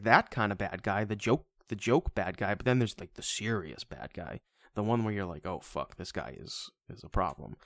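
A podcast co-host with a mid-range voice reviews a movie in casual chat, rambling, stammering and swearing frequently. The sound is clean studio audio with no room echo.

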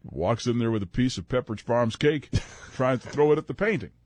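A man's voice: mid-range voice, expressive, fairly quick, darkish tone, dry recording. A man co-hosting a talk radio show, adding wry quips in casual banter. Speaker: radio co-host.

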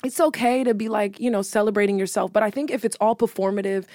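A young woman co-hosting a podcast in casual chat, animated and playful, slipping into impressions. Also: mid-range voice, fast talker, no echo, clean studio sound. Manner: animated, playful, jumps into impressions and put-on voices. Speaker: podcast co-host.

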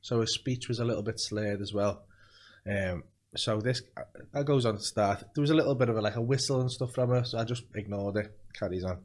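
A man's voice: on the low side, brisk. A man hosting a comedy podcast, telling rambling anecdotes, laughing often and swearing. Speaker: podcast host and comedy club compere. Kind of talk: casual podcast chat.

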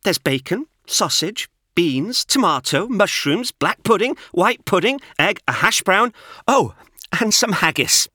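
A doting mum chirps out a proud list, as a man puts her on for a children's storybook. The voice sits high and bright, dry and close to the mic. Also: sing-song, unhurried, dry recording, exaggerated voice. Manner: chirpy listing.

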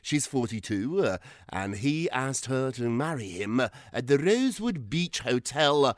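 A man's voice: medium pitch, big pitch swings, measured pace, dry recording, studio quality. A British man hosting a celebrity news show, bubbly and theatrical, often giggling. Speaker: radio show host. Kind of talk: lively celebrity news chat.

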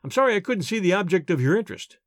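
A man voicing a dry, mocking male friend at supper in a story reading, in a lively voice. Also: high voice, very fast, no echo.

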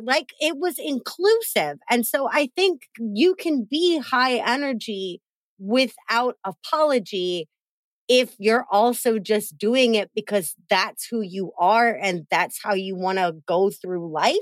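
A woman hosting a podcast in casual chat, animated and acting out quotes in big voices. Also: fairly high pitch, takes it slowly, no echo. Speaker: podcast host.

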